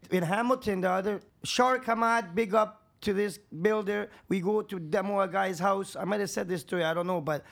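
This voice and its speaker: A man with a high, creaky voice is a guest on a podcast, telling stories in a casual, rambling way packed with swearing. His anecdotes are profane and animated, dropping low for asides and rising high when things get exciting.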